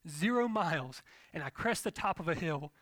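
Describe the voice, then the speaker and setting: A young man preaches with a bright, fairly high and forceful voice. He tells his story in an animated, self-deprecating way, joking with the room. The recording is dry and close, with no room sound. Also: moderate pace, dry recording. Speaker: pastor. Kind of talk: sermon.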